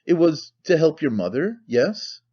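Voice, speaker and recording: A man's voice: a little high, big pitch swings, measured pace, warm tone, husky, pitched above the performer's own voice, exaggerated voice. A man voicing a timid, devout young woman who asks bewildered, pleading questions, in a slightly muffled recording.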